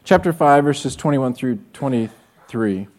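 A man's voice: mid-range voice, animated, unhurried, a little mellow. A man preaching a sermon as pastor, earnest and direct, often asking his listeners rhetorical questions. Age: adult with children.

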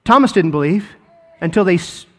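High-voiced man preaching in a reverberant hall. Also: expressive, moderate pace. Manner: retells scripture dramatically, repeats words. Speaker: pastor. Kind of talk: sermon. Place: church sanctuary.

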